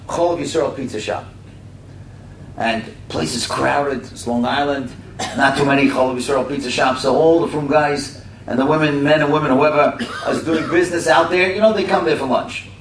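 Middle-aged male preacher telling stories with animated asides, recorded far off with a low rumble. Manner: conversational, animated storyteller with frequent asides. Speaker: speaker at a religious community talk. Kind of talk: storytelling sermon. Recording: echoey room from a distance, faint rumble.

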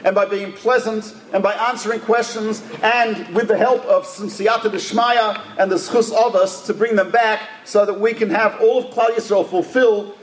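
A man with an Australian accent, a rabbi telling anecdotes in a lively religious talk, often restarting his sentences. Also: sits high, moderate pace, hardly any pauses, reverberant. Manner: animated anecdotal storytelling with restarts.

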